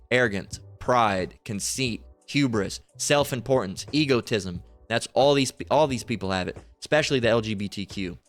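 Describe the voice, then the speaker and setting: A man teaching a scripture lesson in an ordinary mid-range voice, reading verses slowly and deliberately before breaking into blunt, slangy asides. Faint music plays behind him. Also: mid-range voice. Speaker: bible teacher. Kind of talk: scripture lesson with casual commentary.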